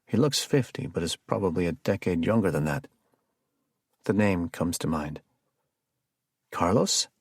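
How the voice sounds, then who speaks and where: A low-voiced man reads a first-person thriller with a gravelly, husky texture and a lively, rising-and-falling delivery. The recording is dry and close, without room sound. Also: moderate pace, no echo. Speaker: audiobook narrator.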